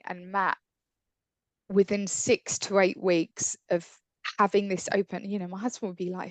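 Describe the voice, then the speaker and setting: A woman's voice: mid-range voice, flat delivery, normal speed, no echo. A woman speaking as a podcast guest, telling her personal story earnestly and acting out the voices in her head. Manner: earnest, acts out inner dialogue.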